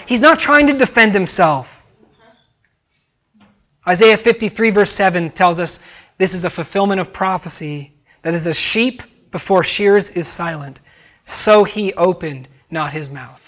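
A man's voice: high-pitched, moderate pace, muffled recording. An American man preaching a sermon as pastor, dramatically acting out the voices he quotes. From United States.

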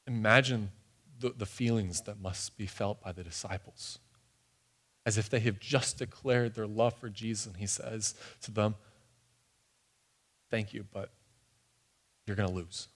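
A man preaching a sermon, swinging between excited, loud stretches and hushed, soft ones. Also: lowish voice, normal speed. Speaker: pastor.

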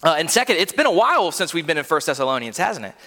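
A man's voice: a little high, sing-song, quick pace, sharp tone. A man in his thirties preaching a sermon in a church, earnest and conversational, with frequent fillers and restarts. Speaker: pastor. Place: church sanctuary. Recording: long hall reverb.

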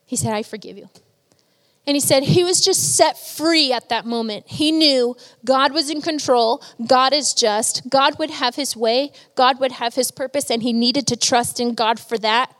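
A woman's voice: sits high, moderate pace, hardly any pauses, a bit bright, in a large hall. A woman preaching a sermon, telling stories earnestly and with emotion.

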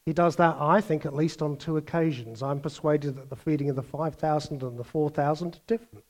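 An older man preaching a sermon, animated, swinging between loud bursts and quiet asides and mimicking other voices. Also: on the high side, brisk.

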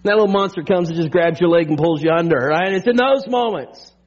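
A man preaching as pastor in an energetic, conversational way, full of playful jokes and frequent "right?" asides to the congregation. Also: a little high, brisk. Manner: playful humor and pop-culture jokes. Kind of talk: sermon. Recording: dull lo-fi sermon recording.

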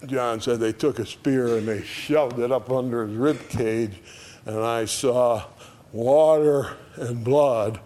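A man's voice: mid-range voice, a little mellow, slight background noise. A man teaching an adult Bible study class in a conversational way, acting out short bits of dialogue as he explains. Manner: slow, conversational teaching that acts out quoted dialogue.

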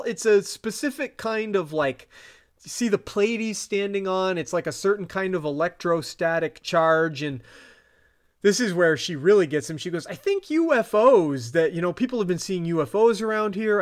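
Podcast cohost chatting, laughs a lot, mid pitch, recapping a tv episode and quoting the characters. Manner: giggly, retells scenes by quoting characters. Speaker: podcast co-host.

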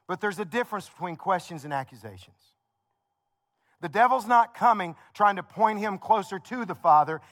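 A man's voice: high-pitched, fairly bright tone. A male pastor preaching a sermon in a conversational, story-telling way, building points with repeated phrases.

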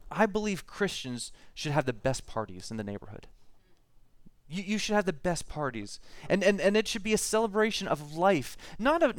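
A man's voice: sits high, no echo. A male pastor preaching a sermon, reading prayer and scripture aloud in an earnest way, with frequent restarts.

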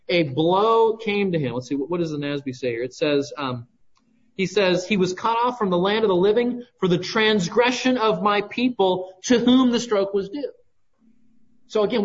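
A male preacher with a high voice teaches through a scripture passage verse by verse, pausing often to ask "right?". The recording is dull and lo-fi. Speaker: pastor. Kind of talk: sermon.

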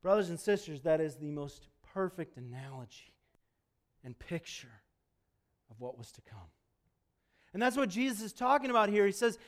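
A man preaching a sermon, talking to the congregation in a conversational way and swinging between emphatic loud peaks and hushed low asides. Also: big pitch swings, normal speed, long pauses. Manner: conversational, asks the congregation questions. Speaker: pastor.

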